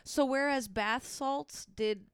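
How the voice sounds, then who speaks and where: A woman's voice: high-pitched, slow, clean tone, no room sound, studio quality. A woman in casual chat, playful and teasing, laughing often.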